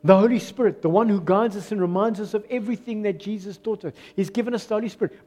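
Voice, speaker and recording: A South African man preaching a sermon as pastor, slipping into Afrikaans phrases, swinging between loud rises and quiet, low drops. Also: fast, few pauses.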